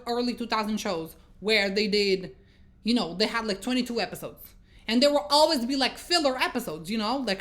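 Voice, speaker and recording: A woman giving a casual movie review, exasperated and swearing as she retells scenes. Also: on the high side. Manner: exasperated, swearing, animated storytelling.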